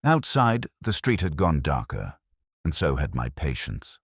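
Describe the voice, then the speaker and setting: A man's voice: a bass voice, huge pitch swings, unhurried, husky, no room sound, studio quality. A man narrating a hardboiled mystery in a wry, clipped first-person delivery.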